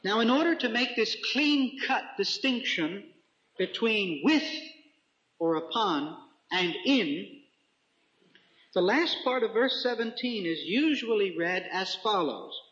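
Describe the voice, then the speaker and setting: A man preaching a Bible teaching sermon, reading scripture slowly and deliberately with careful emphasis. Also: high voice, expressive, a bit bright. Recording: echoey room, dull lo-fi sound.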